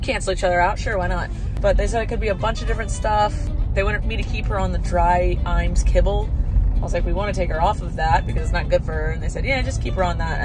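A young woman vlogging in a chatty, rambling way with dry sarcastic asides. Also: on the low side. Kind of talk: casual vlog chat.

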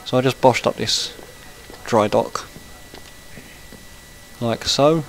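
A man's voice: mid-range voice, takes it slowly, gravelly, a little hiss or hum, poor audio. A man giving casual let's-play commentary, rambling and chatty and breaking off to react to the game. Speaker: gaming channel host.

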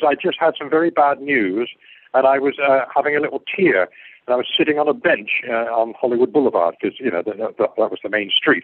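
A man's voice: fairly low pitch, slightly rough, dry recording. An older man from England, a guest telling rambling stories that digress and lose the thread. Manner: digressive, repeats words, loses his thread. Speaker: guest actor. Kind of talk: rambling interview anecdotes. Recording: muffled phone-like call line.

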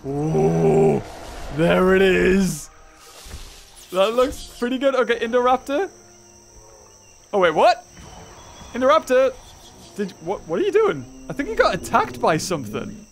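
British gaming host, high animated voice, excitable, prone to shouting and laughing. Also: male voice, measured pace, gravelly, long pauses, a little hiss or hum. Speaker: gaming YouTuber. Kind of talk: excited let's-play commentary.

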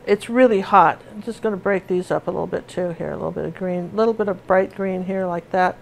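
A woman's voice: lowish voice, fast talker, creaky, slight background noise. A middle-aged woman teaching painting in a casual, rambling, chatty way with many fillers and restarts. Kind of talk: casual tutorial chat while painting.

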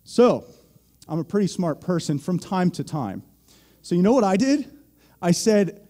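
A man's voice: high-pitched, very animated, measured pace, long pauses, dark tone. A young man from Pennsylvania preaching a sermon, telling a joking, self-deprecating story to the church. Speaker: pastor.

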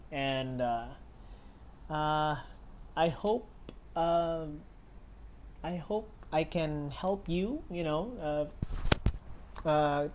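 A man's voice: fairly high pitch, slight background noise. A young man streaming a game, talking to viewers in a rambling, sympathetic way with many fillers and restarts. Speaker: gaming streamer. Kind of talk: live gameplay commentary.

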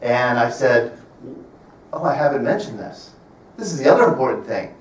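A man in his fifties giving a public talk in a library, telling wry travel stories and slowing down to stress his points. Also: medium pitch, very animated. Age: 50s. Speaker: presenter. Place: library event room. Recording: roomy sound from a distant mic.

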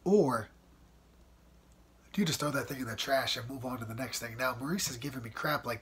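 A man's voice: mid-range voice, brisk, long pauses, fairly bright tone, a little hiss or hum. Laid-back chatty man hosting a podcast. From United States. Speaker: podcast host. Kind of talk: casual solo podcast talk. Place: at home in front of a white wall.

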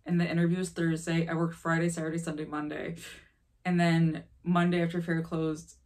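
A woman's voice: lowish voice, little pitch movement, brisk, darkish tone. A woman in her thirties from the Chicago area gives a candid, casual life update, acting out the exchanges she describes. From Chicago area, Illinois. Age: 30s. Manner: chatty and candid, acts out quoted exchanges. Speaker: vlogger.

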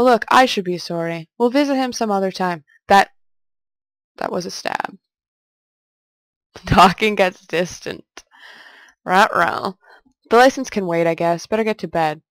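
Gravelly-voiced woman narrating a game. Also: medium pitch, measured pace, pauses often, dry recording. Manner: jokey, chatty, talks to herself. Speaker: let's play host. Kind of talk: casual gameplay commentary, reading game text aloud.

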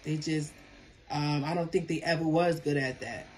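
A woman's voice: deep voice, normal speed, slight background noise. A woman giving a casual tarot reading, talking emphatically to viewers. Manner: animated, emphatic, talks back to the cards. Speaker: tarot reader.

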